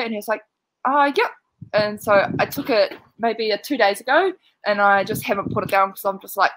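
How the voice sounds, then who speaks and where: A woman's voice: mid-range voice, moderate pace, background noise. A woman chatting over a video call, laughing and acting out what others said. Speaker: netball player, guest. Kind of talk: casual video call chat.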